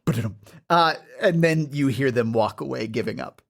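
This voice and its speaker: A game master narrating a tabletop game in a casual, animated way, with lots of filler words. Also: medium pitch, normal speed, creaky.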